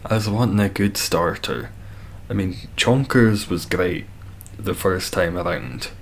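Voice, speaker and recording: A deep, low-pitched Scottish man talking easily on a live stream, answering his chat in a laid-back way and swearing now and then. A faint hum of ambient noise sits behind him. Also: expressive, measured pace. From Scotland. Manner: laid-back, swears casually, reads chat aloud and chuckles.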